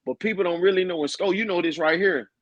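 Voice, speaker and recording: A man's voice: high-pitched, fast talker, no echo, dull audio. A man calling in, offering earnest, encouraging advice with a lot of repetition. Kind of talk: call-in advice.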